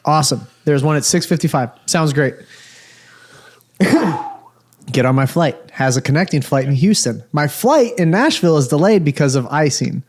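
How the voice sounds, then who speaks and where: Animated, higher-voiced man telling a story. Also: normal speed. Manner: animated, exasperated storytelling with heavy swearing. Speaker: podcast co-host. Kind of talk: casual storytelling chat.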